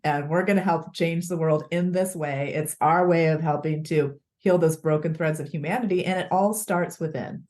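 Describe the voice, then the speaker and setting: Low-voiced woman author as podcast guest. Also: normal speed, few pauses. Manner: earnest, animated storyteller. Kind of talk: conversational podcast interview.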